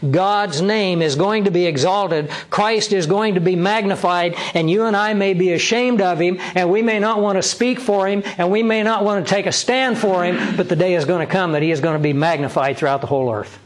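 A man's voice: high voice, brisk, hardly any pauses. A male pastor preaching a sermon, reading scripture aloud and pressing the congregation with rhetorical questions. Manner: reads scripture aloud and explains it.

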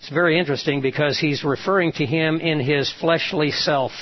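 A man's voice: on the high side, fairly quick. A male pastor preaching a sermon, retelling a story and voicing the quoted lines with emphasis. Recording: dull lo-fi sound.

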